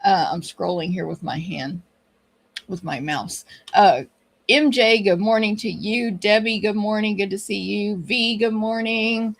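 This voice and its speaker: Speaking a little slowly in a steady, medium-pitched voice with vocal fry, this Texan woman greets her live stream viewers one at a time by name. She's middle-aged, has a Texan accent, and teaches papercraft as she chats casually.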